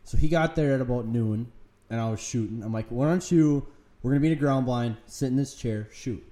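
A man's voice: medium pitch, fairly quick, mellow. A man casually chatting, teasing his friend while telling a hunting story. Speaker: guest. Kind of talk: casual chat.

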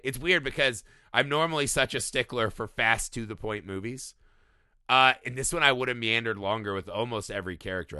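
A man co-hosting a podcast, chatting casually about a film, animated and profane, laughing often. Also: mid-range voice, smooth, dry recording, clean studio sound. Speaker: podcast co-host.

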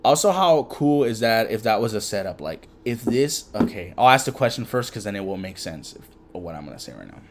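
A man's voice: lowish voice, sing-song, fairly quick, a little hiss or hum. A man hosting a podcast in casual chat, rambling with heavy swearing and lots of fillers. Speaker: podcast host.

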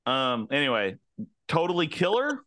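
Bright, excitable man bantering. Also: a little high, moderate pace, no echo. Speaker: podcast co-host. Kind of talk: casual chat.

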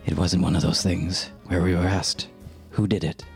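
A man's voice: little pitch movement, moderate pace, creaky, a little mellow, soft background music. A man narrating an improvised audio drama in a brooding, old-timey detective style. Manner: deep, brooding noir delivery, breaks into laughter.

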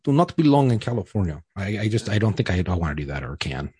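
Husky-voiced podcast co-host, blunt and dry. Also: male voice, low voice, big pitch swings, quick pace, a little mellow, no room sound. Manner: reads news items aloud, blunt and profane. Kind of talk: casual chat.

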